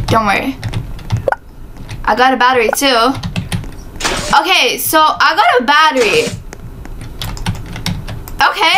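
A woman hosting a gameplay video, talking excitedly through the game and breaking into screams and laughter. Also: sits high. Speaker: gaming video host. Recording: steady background noise with keyboard clicks.

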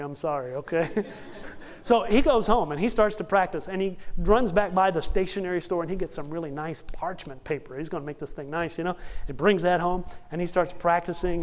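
Animated young male preacher, higher voice. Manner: animated, jokey, acts out characters. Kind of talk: storytelling sermon.

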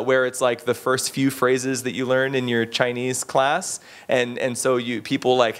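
A man giving casual, animated interview answers, full of fillers and restarts, who slips into playful voices when quoting people. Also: mid-range voice. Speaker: interviewee, expat in the bar trade.

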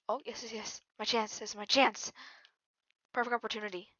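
A woman giving casual gameplay commentary as a channel host, jittery and slangy, dropping from mumbles to sudden yells. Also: on the high side, level tone, a little fast, no echo. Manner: slangy, keeps saying "bro" and "freaking".

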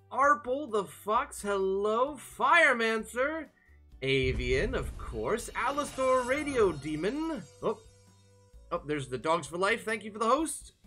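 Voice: mid-range voice, bright, forceful tone. A variety game streamer chatting live, bubbly and playful, greeting viewers by name.

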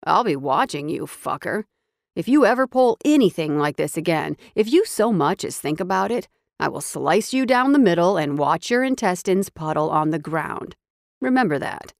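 A woman's voice: big pitch swings, moderate pace, gravelly, dry recording, clean studio sound. A woman voicing an enraged male bear shifter who snarls profane threats. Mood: menacing. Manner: low threatening growl, profane. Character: furious male grizzly bear shifter, menacing.

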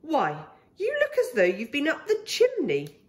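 A woman's voice: high voice, wildly swooping pitch, unhurried, voice pushed up, exaggerated voice. A woman doing a firm mother bear.

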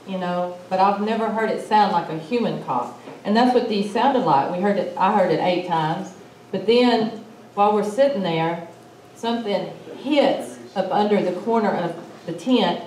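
A woman tells a story in a relaxed way and acts out the lines of the people in it. She sounds a bit far from the mic in an echoey room, with a faint hiss underneath. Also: medium pitch. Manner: animated, acts out quotes. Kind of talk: casual storytelling.

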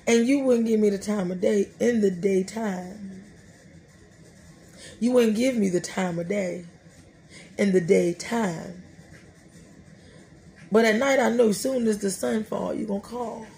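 Gravelly-voiced woman telling stories. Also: mid-range voice, measured pace, long pauses, dark tone, slight background noise. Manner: colloquial, storytelling, joking. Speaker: podcast host. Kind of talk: casual faith talk.

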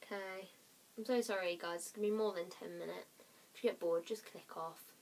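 A woman's voice: lowish voice, steady tone, a little fast, a little mellow. Chatty rambling young woman vlogger. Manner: rambling, apologetic, giggly, drops to whispers. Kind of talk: casual chatty vlog.

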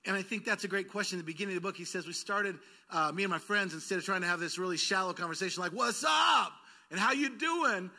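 A man's voice: high voice, shouting. A man preaching a sermon as pastor, coaxing call-and-response from his congregation. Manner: lively, quick bursts then slowed words. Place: church sanctuary.

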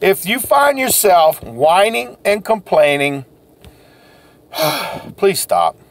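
A man's voice: sits high, sing-song, slow pace, creaky. A man, a sales coach giving a folksy, self-deprecating motivational talk.

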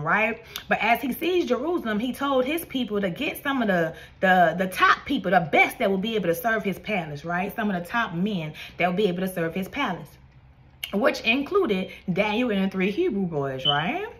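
A woman's voice: mid-range voice, a bit bright. Fervent woman preaching a prophetic word. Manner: fervent, repeats "come on now" and "baby". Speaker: online prophetic minister.

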